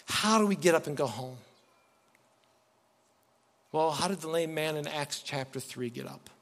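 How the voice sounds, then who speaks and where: A man preaching a sermon to his church, animated, moving between loud emphatic lines and soft quiet ones. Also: a little high, moderate pace. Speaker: pastor. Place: church sanctuary. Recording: long hall reverb.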